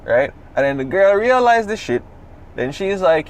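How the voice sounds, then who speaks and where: A man, co-hosting a podcast in casual chat, talking in an animated, profane, rambling way. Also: high voice, moderate pace. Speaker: podcast co-host.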